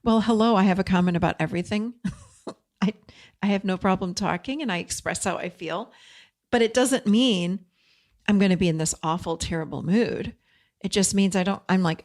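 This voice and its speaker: A woman's voice: mid-range voice, moderate pace, a little mellow. Chatty, direct woman podcast host. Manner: conversational and direct, acts out quoted dialogue. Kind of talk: casual teaching monologue.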